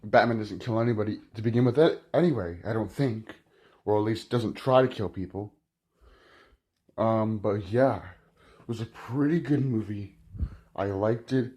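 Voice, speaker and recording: A man's voice: fairly low pitch, normal speed, a little mellow, breathy edge. Man rambling through a casual film review. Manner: rambling, with frequent "like" and restarts.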